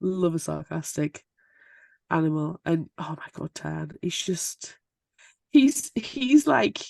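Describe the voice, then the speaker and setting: Gravelly-voiced gushing woman co-host. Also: low-pitched, animated, slow pace, darkish tone, no room sound, clean studio sound. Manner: gushing, playful, breaks into squeals. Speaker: podcast co-host. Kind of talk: casual book chat. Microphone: video call.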